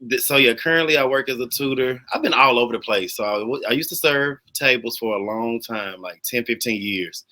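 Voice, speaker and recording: Frank, laughing man with a bright voice. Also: medium pitch, fairly quick, few pauses, rough recording. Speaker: guest. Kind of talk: casual conversational interview.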